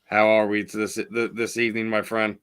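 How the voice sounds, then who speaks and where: Stammering bright-voiced male podcast host. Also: on the low side, monotone, a little hiss or hum. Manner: stammering repeats, halting. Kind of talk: casual podcast talk.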